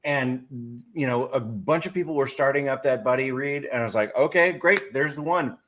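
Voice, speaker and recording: A man hosting an interview with an author, chatty and quick to laugh. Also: medium pitch, slight background noise. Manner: warm, chatty, laughs easily. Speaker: interview host, fellow author. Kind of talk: casual interview chat.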